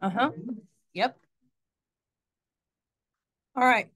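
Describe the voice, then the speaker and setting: A woman's voice: sits high, very animated, takes it slowly, long pauses, fairly bright tone. A woman teaching a math class in a classroom, chatty, asking the students questions and correcting her own slips.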